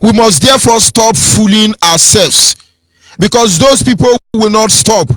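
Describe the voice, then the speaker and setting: On the radio, a man with a Nigerian accent gives an impassioned, preachy political talk in a high-sitting, unhurried, slightly bright voice with no echo. He slips into sing-song mockery, doing impressions of others.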